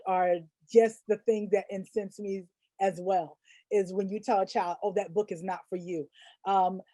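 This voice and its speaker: Animated high-voiced woman telling stories. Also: no room sound. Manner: animated storyteller, acts out voices in anecdotes. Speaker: panelist, children's book author and illustrator. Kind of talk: panel discussion.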